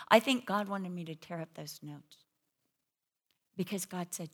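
Bright-voiced woman preaching a sermon. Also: mid-range voice, moderate pace, creaky. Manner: animated storytelling, acts out her own panicked voice. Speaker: preacher, pastor's wife. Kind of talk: sermon with personal story.

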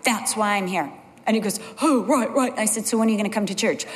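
A woman preaching a sermon, telling personal stories in an animated way and dropping to a low, soft voice for emphasis. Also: quick pace. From California. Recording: long hall reverb.

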